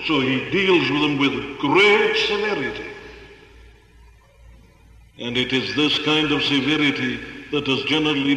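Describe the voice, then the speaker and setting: A man's voice: mid-range voice, pushed and bright. A man preaching a sermon in an earnest, rhetorical way, piling up emphatic repetitions. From Wales. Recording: echoey hall with long reverb.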